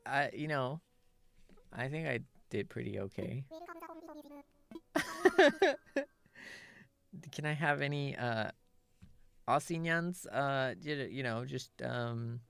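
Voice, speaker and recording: A woman's voice: extremely low pitch, sing-song, slow pace, vocal fry, long pauses, no room sound. A woman streamer in casual, rambling chat while gaming, laughing at herself often.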